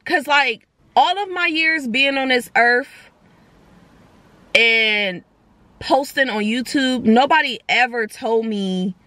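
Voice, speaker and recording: A young woman vlogger with a slightly high voice tells a personal story in casual chat. She acts out the dialogue in quick, animated bursts.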